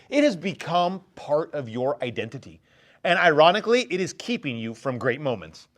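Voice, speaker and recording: A man in his forties delivers a lively sermon to a youth group. His voice sits high for a man. He swings between loud, dramatic acted-out quotes and quieter, earnest appeals. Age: 40s. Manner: animated, acts out quotes in different voices. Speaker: youth pastor.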